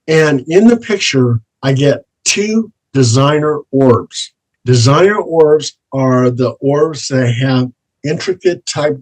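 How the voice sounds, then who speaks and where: A man's voice: mid-range voice, a little mellow, poor audio. A man who is a paranormal investigator, telling his cases in an interview in a plain, anecdotal way, repeating his set phrases. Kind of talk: interview storytelling.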